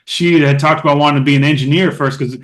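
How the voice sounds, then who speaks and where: A middle-aged man from Oakland, a former ballplayer, telling stories as a podcast guest in a lively, casual way with many fillers and restarts. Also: fairly high pitch, fast. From Oakland, California. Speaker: guest, former baseball catcher. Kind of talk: casual storytelling interview.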